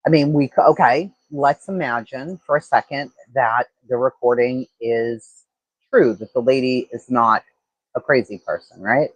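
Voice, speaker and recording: Husky-voiced man rambling on a livestream. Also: medium pitch, unhurried, no room sound, rough recording. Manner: rambling, thinks aloud, frequent fillers and restarts. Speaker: true-crime livestream host. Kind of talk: casual livestream commentary.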